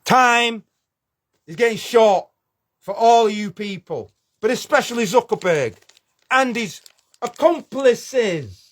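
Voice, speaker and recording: A man's voice: very high voice, expressive, slow, long pauses. A man ranting angrily to camera, swearing and confrontational. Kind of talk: angry video rant.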